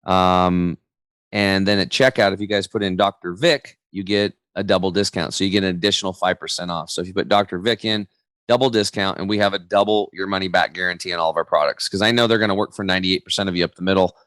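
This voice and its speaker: A man's voice: low-pitched, fast, no echo. A man in his forties, a podcast guest and health coach, chatting casually and acting out quotes as he tells stories. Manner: energetic storyteller, slangy, acts out quotes. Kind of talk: casual interview chat.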